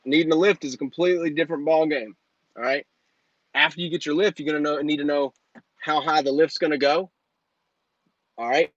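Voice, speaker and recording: A man's voice: medium pitch, a bit bright, no echo, muffled recording. A man in his thirties hosting a live Q&A as a business coach, talking in a brash, joking, motivational way into a phone. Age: 30s. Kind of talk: live Q&A stream.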